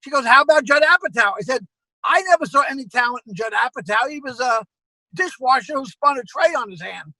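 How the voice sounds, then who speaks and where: Bright high-voiced man telling stories. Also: brisk, no room sound, poor audio. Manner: animated storyteller acting out quoted exchanges. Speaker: comedy club owner, guest. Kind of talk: casual anecdote telling.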